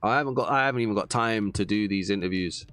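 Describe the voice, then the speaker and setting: A young man calls a football video game in a bright, clear voice, with faint music underneath. He swings from shouting at goals to low, frustrated muttering. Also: fast talker. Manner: animated, bursts into shouts at goals; mutters and grumbles when frustrated. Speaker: gaming YouTuber. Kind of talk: gameplay commentary.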